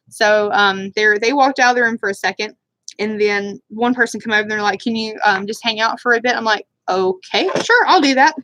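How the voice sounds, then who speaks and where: A woman's voice: on the high side, a little fast, fairly bright tone, a little hiss or hum. A woman telling a rambling, self-deprecating story in casual chat while doing her makeup on a live stream, with a Southern US accent. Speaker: beauty vlogger. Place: home room, live stream.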